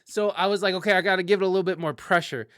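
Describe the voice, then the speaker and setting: Animated man telling a crude story. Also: high-pitched, rapid-fire, smooth, no room sound, clean studio sound. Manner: animated, profane, swings into loud panicked outbursts when quoting himself; greets live-stream viewers mid-story. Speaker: podcast host. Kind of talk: casual storytelling chat.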